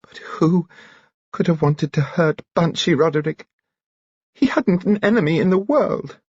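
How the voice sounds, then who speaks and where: A woman's voice: on the low side, expressive, a little slow, a little mellow, slightly rough, no room sound, lo-fi sound, voice pushed up. A man voicing a grieving aristocratic lady, her speech raised and plaintive.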